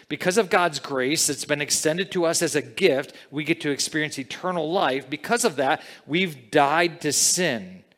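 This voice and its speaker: A man's voice: mid-range voice, a bit bright, in a large hall. A man preaching a verse-by-verse sermon in a conversational teaching manner, often checking in with the listeners. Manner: conversational teaching, frequent "okay?" and "all right?" check-ins. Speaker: pastor.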